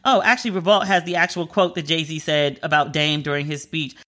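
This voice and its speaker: Bright-voiced woman dishing celebrity news. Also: sits low, steady tone, a little fast. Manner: candid, chatty, emphatic asides. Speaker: pop culture commentator. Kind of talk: casual celebrity news commentary.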